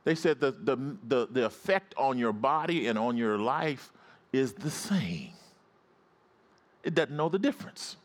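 A male preacher delivering a sermon to his congregation. He repeats key phrases and calls on the listeners to say words back to him. His voice drops low for stories and climbs high for exclamations. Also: big pitch swings, unhurried. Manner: repetitive, call-and-response preaching; swings from low storytelling to high rising exclamations.

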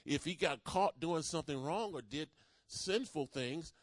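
A man's voice: on the high side, lively intonation, measured pace, no echo. A man preaching a sermon, leading the congregation in call-and-response and building to emphatic declarations. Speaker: pastor.

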